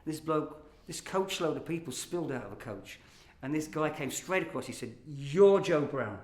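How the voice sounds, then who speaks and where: A man's voice: fairly high pitch, animated, normal speed. An older man from England with a Midlands accent, telling a chatty story and then reciting a rhyming comic poem to a live audience. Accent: English Midlands. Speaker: poet performer. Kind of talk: comic poetry performance. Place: small hall before a live audience. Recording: roomy hall sound.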